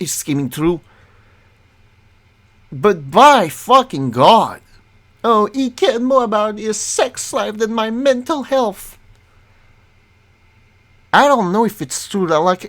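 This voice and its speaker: Exasperated woman ranting, lively pitch. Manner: ranting, profane, exasperated, stumbling restarts. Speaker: commentary channel host. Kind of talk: angry reaction commentary, reading a document aloud.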